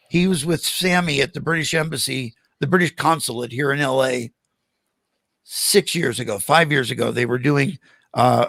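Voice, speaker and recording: An older man, a guest on a podcast, telling animated stories in casual conversation and acting out the voices of the people in them. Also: mid-range voice, vocal fry, no room sound. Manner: animated anecdotes with acted-out quotes. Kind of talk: casual storytelling interview.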